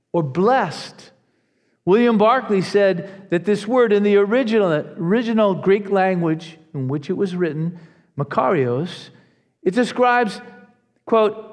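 A man preaching a sermon to his congregation, earnest and animated, often restarting his phrases. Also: sits high, long reverb tail. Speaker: pastor.

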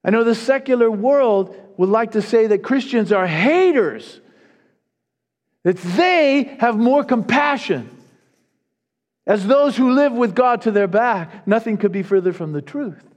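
A man's voice: sits high, animated, measured pace, a little mellow. A man preaching an earnest, emphatic sermon as pastor, often repeating words as he presses a point. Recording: long reverb of a large hall.

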